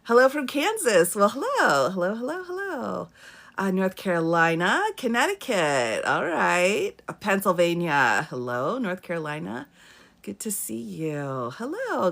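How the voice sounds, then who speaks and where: A woman's voice: mid-range voice, big pitch swings, measured pace, vocal fry, fairly bright tone. A woman attorney hosting a live question-and-answer stream, chatting casually, greeting viewers by name and laughing often. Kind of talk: casual live-stream chat reading comments. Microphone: phone or webcam for a live stream.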